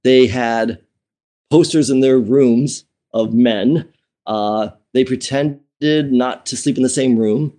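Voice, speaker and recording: A man's voice: medium pitch, slow pace, dark tone. Candid man telling a personal story. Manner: candid, chatty, frequent fillers and restarts; laughs often while telling. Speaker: interview guest.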